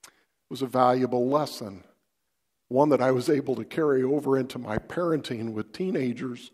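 A man's voice: mid-range voice, darkish tone, big-room sound. A pastor, a man, giving a folksy, conversational devotional sermon and often putting questions to the listener.

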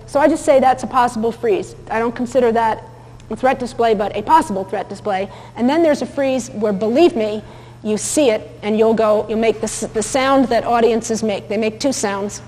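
A woman's voice: fairly high pitch, moderate pace, darkish tone. Chatty woman lecturing in a reverberant hall. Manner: chatty, anecdotal, many fillers and restarts. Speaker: dog behavior instructor. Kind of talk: recorded lecture with video clips.

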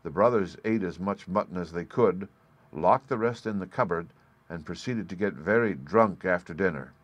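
Man, audiobook narrator, fairly low voice, measured storytelling, dry close sound. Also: dry recording, dull audio. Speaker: audiobook reader. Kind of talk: scripted fairy tale narration.

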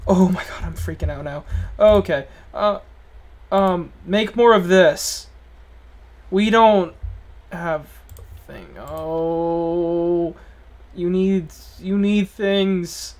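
A gamer giving let's play commentary, jumpy and swearing often, sometimes yelling at game characters and reading game text aloud. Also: mid-range voice, very slow, pauses often. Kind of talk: gaming commentary.

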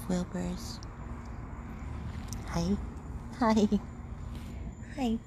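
A woman cooing affectionate baby talk at a rescue dog while she chats with people watching her live stream. Her voice sits in an ordinary middle pitch. A faint hum of background noise runs under it. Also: lively intonation, measured pace, long pauses. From Florida. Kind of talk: casual live stream talking to a dog and viewers. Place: home with dogs, indoors and out.

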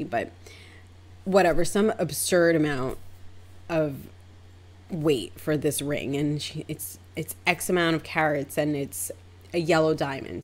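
A young adult woman who works as a hairstylist and vlogs tells a story in a chatty, casual way. She acts out both sides of it, jumping sharply in pitch between them.

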